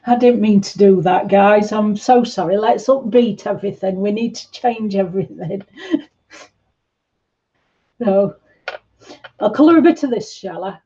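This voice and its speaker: Slow, gentle woman. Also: medium pitch, lo-fi sound. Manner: gentle, reassuring, calls viewers sweetie. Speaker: livestream host. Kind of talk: casual livestream chat reading comments.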